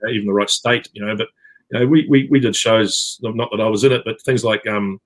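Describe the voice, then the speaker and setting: A man's voice: fairly low pitch, fairly even intonation, brisk. A middle-aged man with a New Zealand accent, chatting as an interview guest, rambling with many fillers and restarts. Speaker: actor guest. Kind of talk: casual interview chat.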